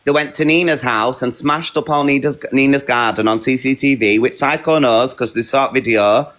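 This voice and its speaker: Hosting a live stream, a man with a medium-pitched, fairly bright voice speaks at normal speed. He bluntly recounts a dispute, rushing through quotes from others as he goes, in a heated, casual storytelling style.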